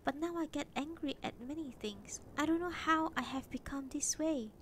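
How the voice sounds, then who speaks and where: A woman's voice: sits high, normal speed, a bit bright, slight background noise, pitched above the performer's own voice. A woman reading aloud, voicing a proud, easily angered middle-aged woman on holiday who speaks in formal, careful phrases. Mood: wistful.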